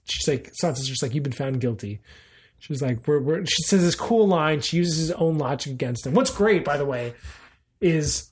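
A man co-hosting a podcast in casual chat, retelling scenes in an animated way with quick asides. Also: on the high side. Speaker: podcast co-host.

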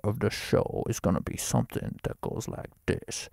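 A man with a low, gravelly voice rambles through an improvised solo monologue. His tone is dark and dry, loose and self-amused, with casual swearing throughout. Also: steady tone, slow, dry recording. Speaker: podcast host.

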